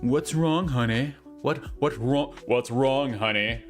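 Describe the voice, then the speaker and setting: A man's voice: mid-range voice, slow, faint music behind, natural voice. A man voicing a melodramatic, lovestruck teenage boy wizard in an overwrought, pleading voice.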